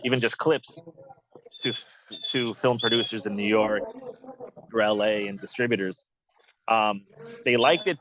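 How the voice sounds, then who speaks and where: Candid man producer, muffled audio. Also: lowish voice. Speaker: film producer. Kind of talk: casual interview answers.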